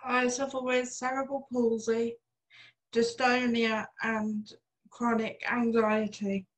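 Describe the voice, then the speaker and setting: A young woman answering interview questions in short, plain, unhurried sentences. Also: on the high side, little pitch movement, poor audio. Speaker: interview guest.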